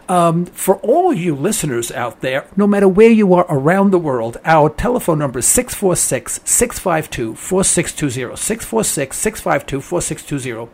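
A man's voice: on the high side, a little mellow. A middle-aged man hosting a call-in talk radio show, telling a story in a folksy, emphatic way and acting out the quotes.

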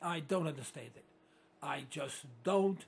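Hoarse, husky New radio host ranting. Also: male voice, fairly high pitch, measured pace. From New York. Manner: animated ranting, mocking voices, sudden loud outbursts. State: going hoarse. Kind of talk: ranting call-in radio monologue.

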